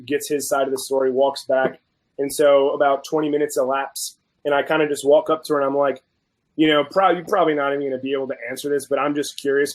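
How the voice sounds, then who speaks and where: A man guest on a chat show, telling a story in a casual, animated way and acting out the quoted people. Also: mid-range voice, rough recording. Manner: animated, acts out both sides of quoted dialogue. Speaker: guest food reviewer.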